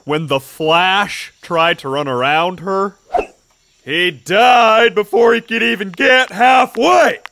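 A man narrating and playing the lead in an animated joke cartoon, animated and exclaiming. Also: sits high, slow pace, background noise. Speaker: cartoon narrator and main character.

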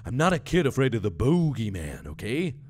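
A man's voice: medium pitch, big pitch swings, a little fast, a little mellow, breathy edge. A man reading a skeptical young woman's game dialogue aloud, barely changing his own voice. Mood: chiding. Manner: read aloud as game dialogue, half-hearted.

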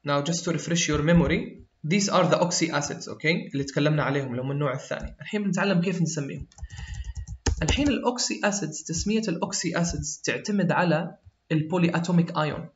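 High-voiced teacher in a roomy, dull recording. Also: male voice, very fast, slight background noise. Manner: explains step by step, checks understanding with "okay?". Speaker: chemistry teacher. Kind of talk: classroom lesson mixing English and Arabic. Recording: roomy, slightly dull lo-fi sound.

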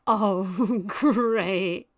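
An excitable young woman talking her way through a video game session at her desk mic. She chatters along with frequent squeals and laughs, and there is keyboard typing behind her. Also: mid-range voice, extremely slow, dry recording, studio quality. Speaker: gaming YouTuber. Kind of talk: casual gameplay commentary.

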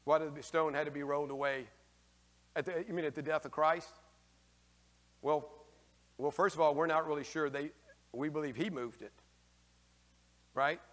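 Man, priest, animated homily, folksy asides, bright ringing voice, church reverb. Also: a little high, moderate pace, pauses often. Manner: animated, acts out the figures in raised voices. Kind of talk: lively homily with questions from the congregation.

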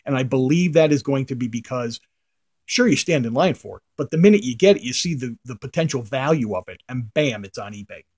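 A man's voice: medium pitch, animated, brisk, darkish tone, breathy edge. A middle-aged man, a comic art collector, casually telling a rambling anecdote to the camera, his voice trailing off into mutters at the ends of phrases.

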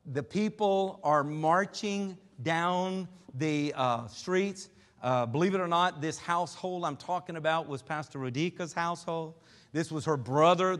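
A male pastor telling a story in a sermon, pausing often with filler sounds. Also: on the high side, a bit bright, long reverb tail. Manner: hesitant with many filler sounds.

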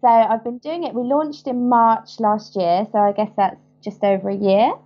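A woman in her thirties with a southern English accent, chatting as an interview guest and often pausing with ums. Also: fairly high pitch, fairly even intonation, lo-fi sound. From England. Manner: chatty, hesitant with many ums. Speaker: guest, business founder. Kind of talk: casual interview.

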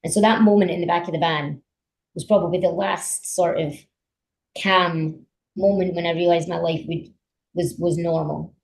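A woman talking as a guest on a podcast. She tells stories in an animated way and uses a lot of fillers. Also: fairly low pitch, moderate pace, creaky, rough recording. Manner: animated storyteller, many fillers. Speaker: politician guest. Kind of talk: casual conversation.

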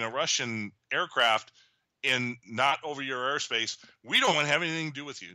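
A man's voice: medium pitch, dry recording. A middle-aged man giving radio talk commentary, telling events as a running story with acted-out quotes and frequent restarts. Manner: animated storytelling, acts out quoted leaders, many restarts. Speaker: guest commentator.

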